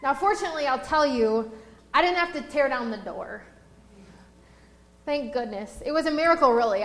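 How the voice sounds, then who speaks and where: A woman with a high voice preaches a sermon, weaving a personal story into her message. She slows and stresses each phrase when reading scripture. The sound carries a roomy echo. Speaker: pastor.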